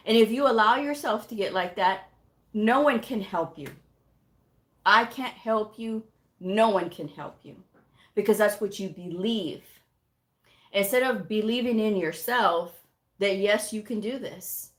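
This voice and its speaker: A woman's voice: unhurried, a bit bright. A woman hosting a livestream as a tutor, talking bluntly with tough love and reading viewer comments aloud. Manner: blunt, tough-love, mocks with high whiny voices; reads chat comments aloud. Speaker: livestream host and medical coding tutor. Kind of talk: casual livestream talk.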